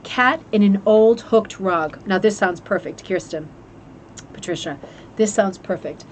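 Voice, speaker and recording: A chatty woman hosts a craft club stream at an ordinary mid pitch, gushing and restarting her sentences as she talks into a webcam. A faint hum of room ambience sits under her voice. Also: lively intonation, measured pace. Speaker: host of a rug hooking club livestream. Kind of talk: casual chat, reviewing a book.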